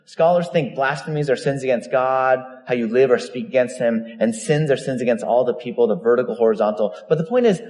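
Man, pastor preaching, storytelling sermon, mid-pitched voice, long hall reverb. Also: brisk, few pauses. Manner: storytelling, animated, acts out quoted voices.

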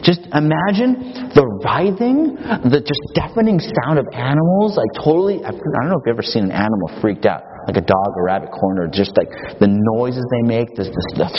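A male pastor preaching a sermon in an animated, emphatic storytelling manner. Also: mid-range voice, moderate pace, few pauses. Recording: echoey hall, dull, faint hiss.

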